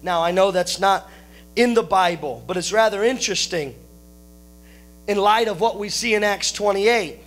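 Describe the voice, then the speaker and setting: A man preaching a sermon to his congregation, explaining scripture with folksy jokes and friendly asides to listeners, with a steady hum behind him. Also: high-pitched, moderate pace. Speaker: pastor.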